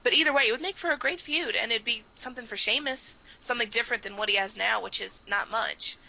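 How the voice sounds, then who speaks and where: Woman co-host, casual and blunt, fry-heavy voice sitting a bit high. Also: fast, sharp tone, rough recording. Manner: blunt, exasperated, swears freely, laughs often. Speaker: podcast co-host. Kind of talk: casual chat.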